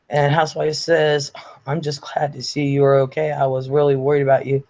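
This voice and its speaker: The host, an older man streaming casually from home, has a slightly high, expressive voice with a darkish tone and an unhurried delivery. He reads viewer comments aloud bluntly and conversationally, cursing freely and sounding somewhat congested because he's sick; the lo-fi audio is a little dull.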